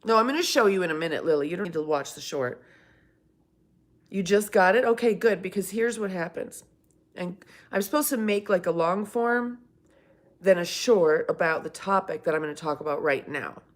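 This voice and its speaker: A woman's voice: lowish voice, animated, moderate pace. A middle-aged woman hosting a casual livestream from home, chatting and rambling as she answers viewers by name. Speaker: livestream host. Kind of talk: casual live-stream chat, reading viewer comments.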